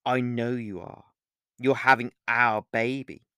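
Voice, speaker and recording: A man playing a possessive young male werewolf in an audiobook reading, speaking in a calm, low and menacing way. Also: measured pace, no room sound, clean studio sound.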